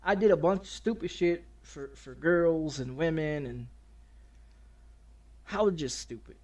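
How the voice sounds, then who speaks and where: A man with a fairly high-pitched voice tells a long story as he streams a game. He swears freely and rambles, stumbling over his words and starting his sentences again. It sounds like loose, offhand storytelling. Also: a little slow. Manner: profane and rambling, with many restarts. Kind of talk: casual storytelling while streaming.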